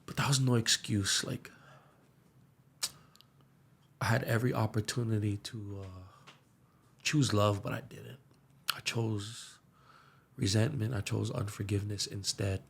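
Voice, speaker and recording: Gravelly low-voiced young man. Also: steady tone, moderate pace. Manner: earnest, slips into soft hushed tones when emotional. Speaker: musician and aspiring pastor. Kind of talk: candid podcast storytelling.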